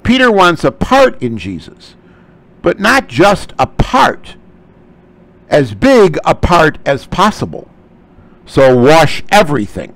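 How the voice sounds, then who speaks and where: Man, Bible study teacher, unhurried pace, close dry sound. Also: on the high side, no echo, poor audio. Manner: explains Greek terms closely; slow, animated delivery. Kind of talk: scripture lecture.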